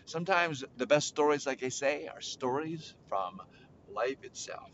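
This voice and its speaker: A man hosting a children's podcast, telling a silly story with playful, animated delivery. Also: normal speed, muffled recording, slight background noise. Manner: playful, jumps into high character voices.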